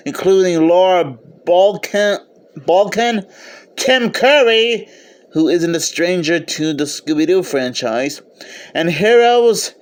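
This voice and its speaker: A man's voice: high-pitched, smooth. A man giving an eager, casual video review of a film, often stopping to restart or correct himself. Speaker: movie reviewer.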